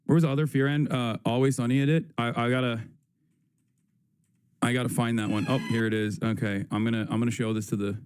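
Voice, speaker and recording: A man streaming live, reading posts aloud and joking in quick casual talk. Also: mid-range voice, level tone, a little mellow, clear, resonant tone, dry recording. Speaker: livestreamer. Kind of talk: casual livestream commentary.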